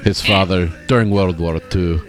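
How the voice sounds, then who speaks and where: Deep-voiced man reading a mock documentary. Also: steady tone, moderate pace, music in the background. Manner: mock-serious, playfully absurd. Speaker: podcast host. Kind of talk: comedic read-aloud narration.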